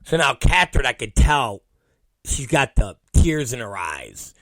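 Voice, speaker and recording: A man hosting his own show, telling a story in an animated, profane way and acting out both sides of the dialogue. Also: mid-range voice, unhurried, dry recording. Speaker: podcast host. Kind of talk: storytelling monologue.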